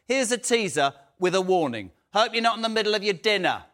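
Man, TV debate host, emphatic, pointed questions, lively swooping voice. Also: high-pitched, fairly quick. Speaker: stand-in talk show host. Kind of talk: TV debate hosting.

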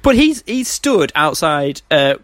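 A man's voice: a little high, sing-song, takes it slowly, fairly bright tone, no room sound. A man from Manchester, co-hosting a casual film review podcast and laughing often as he retells scenes. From Manchester, England. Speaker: podcast co-host.

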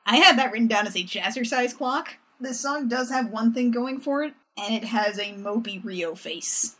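A woman co-hosting a podcast, recapping a cartoon episode with animated, sarcastic commentary. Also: a little high, normal speed. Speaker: podcast co-host. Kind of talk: casual recap chat.

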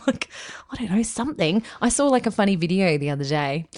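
A woman's voice: medium pitch, very animated, brisk, darkish tone, no room sound. A woman, co-hosting a casual podcast chat, giggling and rambling as she hunts for words. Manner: giggly, rambling, loses words mid-sentence. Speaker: podcast co-host.

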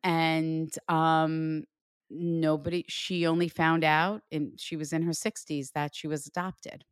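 Woman, low voice, dry close sound, animated psychic medium chatting. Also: takes it slowly, clear, resonant tone, no echo. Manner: animated, acts out quoted spirits with big pitch jumps and laughter. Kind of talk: casual reading with a caller.

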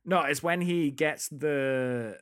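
A man's voice: a little high, takes it slowly, fairly bright tone. A man co-hosting a casual film podcast, dry and teasing toward his co-host. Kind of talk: casual film review chat.

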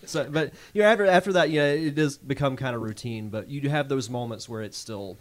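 A man hosting a podcast, chatting casually and sharing relaxed anecdotes. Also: medium pitch, a little fast. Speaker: podcast host.

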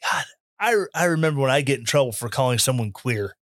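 A man giving opinion commentary in an animated, sarcastic rant, mimicking people he mocks. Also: medium pitch, a little fast, no room sound, clean studio sound. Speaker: commentary host.

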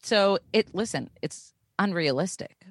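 A woman's voice: fairly low pitch, lively intonation, unhurried, no room sound. A young woman co-hosting a podcast, chatty and self-deprecating, swearing casually as she talks. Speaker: podcast co-host. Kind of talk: casual chat.

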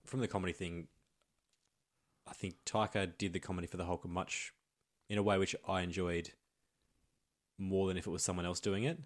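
A man's voice: deep voice, flat delivery. A man on a podcast asking curious questions in casual chat. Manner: quick, asks curious questions. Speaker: podcast co-host.

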